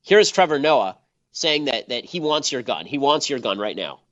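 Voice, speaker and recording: A man's voice: mid-range voice, big pitch swings, a bit bright, lo-fi sound. A man hosting a political commentary show, ranting scornfully at the clips he plays. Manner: scornful, rapid-fire ranting. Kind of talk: combative commentary monologue.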